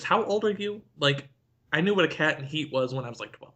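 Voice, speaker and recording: A man co-hosting a casual review podcast, retelling scenes in an animated, exasperated, profane way. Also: fairly high pitch, brisk. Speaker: podcast co-host reviewing a story. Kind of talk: casual chat.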